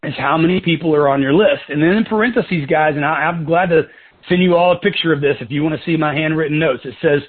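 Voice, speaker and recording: Guy coaching his sales team on a phone call, kinda high voice, keeps saying guys and going off on tangents, tinny phone sound. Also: quick pace. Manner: casual and conversational, keeps saying "guys", drifts into side stories. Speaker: sales team leader and mentor. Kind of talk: coaching talk on a conference call. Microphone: telephone.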